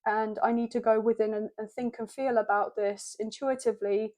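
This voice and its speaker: A woman's voice: a little high, steady tone, normal speed, mellow. A woman reading tarot cards and passing on channelled messages in a flowing way, often saying what she is hearing. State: choked up with emotion. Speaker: tarot card reader.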